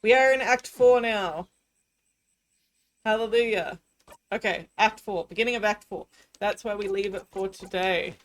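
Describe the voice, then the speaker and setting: A woman's voice: mid-range voice, unhurried, pauses often, low-quality recording. A woman streamer giving casual commentary while playing a story game. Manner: chatty, reacts aloud, reads narration. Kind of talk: casual let's-play commentary.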